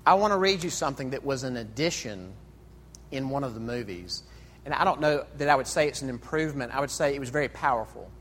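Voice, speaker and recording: A male pastor preaching a conversational sermon, full of rhetorical questions and quick restarts. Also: mid-range voice, lively intonation, a bit bright, slight background noise. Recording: echoey hall with long reverb.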